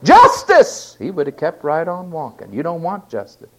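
A man preaching a sermon, swinging from emphatic shouting down to a hushed near-whisper and repeating key phrases for effect. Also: a little high, animated, a little fast.

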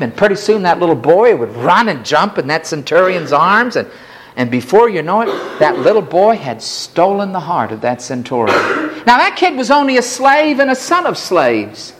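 Animated high-voiced male preacher. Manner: dramatic, emphatic storytelling with rising outbursts. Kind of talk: sermon.

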